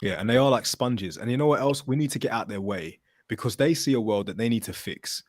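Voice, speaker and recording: A man hosting a podcast, talking in an animated, casual way, swearing and telling stories with acted quotes. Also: mid-range voice, fairly quick, dry recording. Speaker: podcast host.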